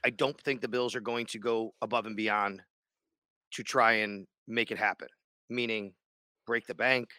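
Male sports radio host, bright dry voice, rambling casual podcast chat. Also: on the low side, fairly even intonation, moderate pace, dry recording. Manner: rambling, many restarts and fillers.

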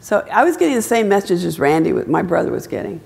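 Older woman with a gravelly husky voice. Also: fairly low pitch, fast talker. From United States. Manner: animated storytelling, acting out voices of family. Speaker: former tennis champion telling her story. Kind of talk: motivational storytelling.

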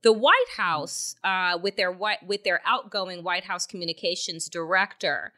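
A woman's voice: lowish voice, fairly even intonation, moderate pace, bright, forceful tone. A woman hosting a political podcast, delivering angry, emphatic commentary with heavy swearing and rhetorical questions. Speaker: podcast host. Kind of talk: opinionated political commentary with profanity.

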